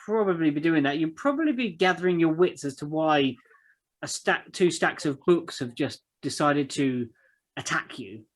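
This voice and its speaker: A game master describing scenes casually, rambling through halting descriptions with many fillers. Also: mid-range voice, lively intonation, low-quality recording. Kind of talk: casual tabletop game narration.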